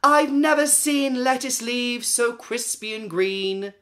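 A woman voicing a greedy, excitable young girl who is always hungry, gushing and wailing in a high, loud voice. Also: slow pace. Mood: delighted.

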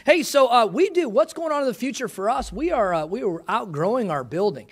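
A pastor with a fairly high voice tells his church's story in a folksy, exclaiming way. He speaks to a congregation, calling out praise between his stories. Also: animated, fairly quick. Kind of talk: missions conference testimony.

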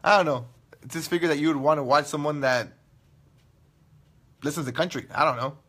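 Young socal guy hosting his online radio show, bright high voice, loud, cussing, cracking jokes. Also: fairly quick, breathy edge. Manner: loud, profane, joking, laughs often. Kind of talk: casual live-stream chat with viewers.

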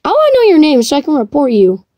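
A woman's voice: high voice, wildly swooping pitch, fast, background noise. A woman commenting on her own gameplay, puzzled and chatty, breaking into shrieks and laughter when she is chased. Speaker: gamer streaming live play.

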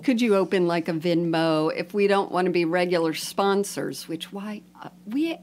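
A woman's voice: on the low side, moderate pace, darkish tone. A woman co-hosting a podcast, chatting casually in a playful, jokey way and laughing often. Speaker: podcast co-host. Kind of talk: casual chat.

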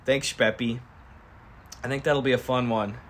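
A young man streaming from his garage, casually pitching a comedy sketch and acting out both sides of the scene. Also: a little hiss or hum. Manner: animated, acts out both sides of the scene in quick voices.

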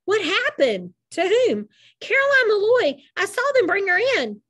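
A woman voicing an excitable, anxious young boy in a storybook reading, breathless and high. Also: fairly quick.

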